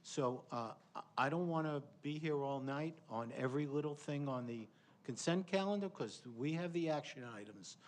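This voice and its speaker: A man on a school board speaking directly at a meeting, a little halting as he makes his point. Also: fairly high pitch, lively intonation. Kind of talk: spoken remarks at a board meeting.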